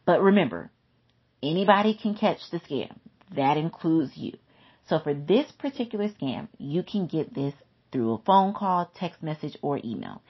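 Low husky woman warning about scams. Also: expressive, normal speed, lo-fi sound. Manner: emphatic, chatty, repeats key points. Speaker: consumer safety educator. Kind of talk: instructional talk.

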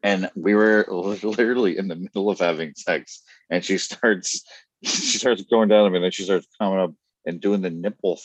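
A man's voice: low-pitched, fairly even intonation, moderate pace, slightly rough, no echo. A man telling blunt, profane stories with frequent laughs in a casual podcast chat. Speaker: podcast guest.

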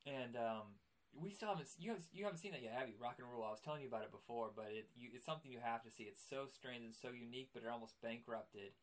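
A man's voice: mid-range voice, rapid-fire. A man co-hosting a casual cartoon review chat, rambling and correcting himself, laughing often. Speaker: podcast co-host.

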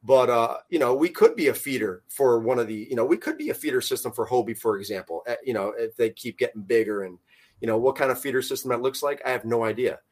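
A man's voice: medium pitch, fast. A man who founded a fishing tournament trail, chatting casually on a podcast in a rambling way. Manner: rambling, many fillers and restarts.

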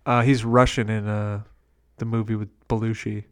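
A man's voice: fairly low pitch, flat delivery, normal speed. A man chatting casually about a movie on a podcast, dryly recounting scenes and quoting lines. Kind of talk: casual movie review chat.

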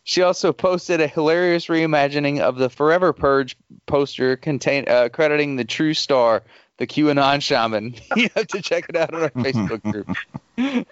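A man's voice: on the high side, moderate pace, dry recording, highs cut off. A man hosting a podcast, reading listener feedback and often laughing as he reads. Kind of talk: casual chat.

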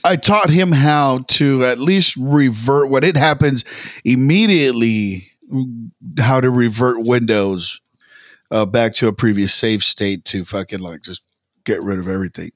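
A man's voice: mid-range voice, unhurried, no room sound, studio quality. A man co-hosting a casual podcast chat, laughing often, swearing and trailing off into restarts.

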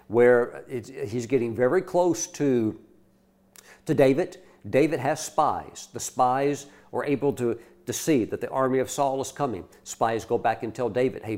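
Animated storytelling male preacher. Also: medium pitch. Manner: animated storytelling with quoted voices and restarts. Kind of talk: sermon.

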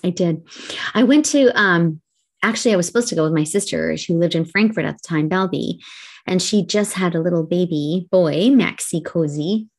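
A woman's voice: lowish voice, moderate pace. A woman from Canada co-hosting a podcast, telling a story in casual chat, swearing freely and laughing often. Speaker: podcast co-host.

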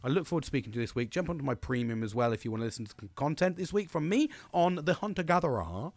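A man's voice: a little high, expressive, quick pace, no echo. A man in his thirties hosting a solo motivational podcast, talking energetically, rambling and swearing often. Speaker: podcast host.

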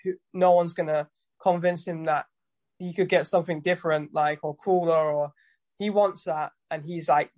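High-voiced man telling stories. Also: fairly even intonation, moderate pace, darkish tone. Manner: loose storytelling, swears, acts out dialogue. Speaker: tattoo artist guest. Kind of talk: casual interview chat.

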